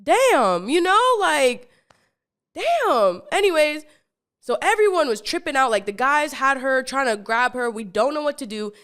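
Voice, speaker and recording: A young woman hosts a podcast and tells a story in a loose, breathless way. She leans on "like" and repeated words and curses freely in a relaxed, conversational delivery. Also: sits high, normal speed. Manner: animated, swears freely. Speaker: podcast host. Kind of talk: casual storytime monologue.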